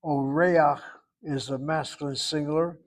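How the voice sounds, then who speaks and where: A man's voice: on the high side, steady tone, measured pace. A man teaching a Hebrew class, explaining grammar step by step and calling on students by name. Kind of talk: online class instruction.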